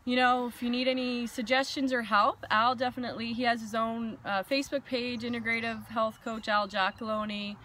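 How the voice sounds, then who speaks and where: A woman hosting a casual chat, telling a personal story with lively, acted-out asides. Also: on the high side, moderate pace, hardly any pauses, slight background noise. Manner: animated storytelling with acted-out quotes. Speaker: host.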